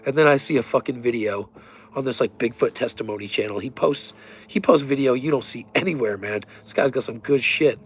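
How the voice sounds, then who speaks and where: A man ranting in a rambling, profane, excitable way about cryptids and conspiracies in a casual vlog. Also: medium pitch, a little fast, slight background noise. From Colorado, USA. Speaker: vlogger.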